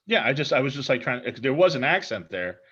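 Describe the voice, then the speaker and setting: A man's voice: medium pitch, big pitch swings, a little fast, a bit bright, husky. Brief: male host, loose jokey interview chat with lots of restarts, muffled lo-fi sound. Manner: rambling, restarts sentences, jokey. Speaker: talk show host. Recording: dull lo-fi sound.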